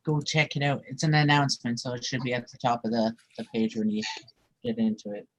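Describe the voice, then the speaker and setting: A woman chatting casually as a guest, animated and quick to swear. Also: extremely low pitch. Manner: animated, swears when riled. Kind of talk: casual chat.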